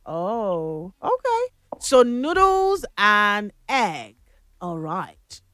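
A woman's voice: medium pitch, wildly swooping pitch, extremely slow, sharp tone, no room sound, studio quality. A woman hosting a morning radio call-in show, chatting playfully with callers and laughing often. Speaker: radio host.

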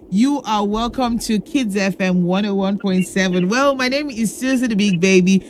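A woman's voice: medium pitch, normal speed, few pauses, over loud music. A woman hosting a children's radio call-in show, playful and teasing, laughing often and calling the callers pet names. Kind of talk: lively radio call-in chat.

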